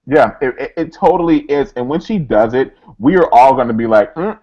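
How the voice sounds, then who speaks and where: A man's voice: mid-range voice, lively intonation, fairly quick, dark tone, highs cut off. A man co-hosting a TV recap podcast, bantering with enthusiasm. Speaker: podcast co-host. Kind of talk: TV episode recap chat.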